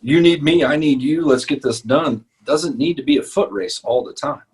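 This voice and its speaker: A man's voice: fairly high pitch, normal speed, darkish tone, slightly rough, low-quality recording. A man co-hosting a sales podcast, talking casually and emphatically, pressing harder as he makes a point. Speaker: podcast co-host.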